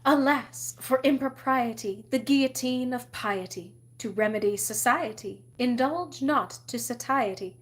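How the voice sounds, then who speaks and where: A woman's voice: on the high side, unhurried, few pauses, lightly acted. A woman reading aloud, voicing a pompous, theatrical older headmistress who declaims grandly. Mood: declaiming.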